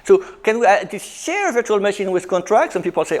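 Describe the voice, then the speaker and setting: A man giving a conference talk on programming, emphatic, with quick restarts and self-corrections. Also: sits high, very animated. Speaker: conference speaker. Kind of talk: technical talk.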